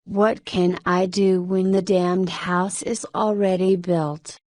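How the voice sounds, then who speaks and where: A woman reading the lines of an enraged, pompous middle-aged male client in an indignant, shouting tone. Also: fairly low pitch, flat delivery, slow pace, no room sound, studio quality. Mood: outraged.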